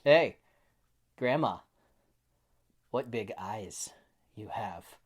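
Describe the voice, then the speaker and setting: A man voicing a brave little boy in a storybook, slow and matter-of-fact, close to his own voice. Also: lowish voice, lively intonation, slightly rough, exaggerated voice. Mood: cool. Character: brave young boy, cool and unfazed.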